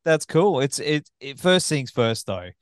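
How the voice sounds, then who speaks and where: A man's voice: on the high side, big pitch swings, unhurried, dry recording, studio quality. A man hosting a podcast interview, joking and loose, swearing casually. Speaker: podcast host.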